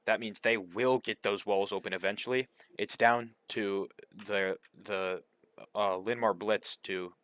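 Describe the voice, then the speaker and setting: Male esports commentator, measured speculative remarks, dry close mic. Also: fairly low pitch, fairly even intonation, fairly bright tone, dry recording. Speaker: esports caster. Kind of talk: color commentary.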